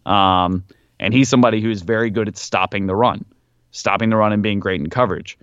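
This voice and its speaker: A low-voiced man co-hosting a casual sports podcast, rambling with plenty of ums and pushing his opinions. The sound is dry and close, a little dull and lo-fi. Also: fairly even intonation, fairly quick, fairly bright tone, clear, resonant tone, no room sound. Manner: rambling, filler-heavy, argumentative. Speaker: podcast co-host.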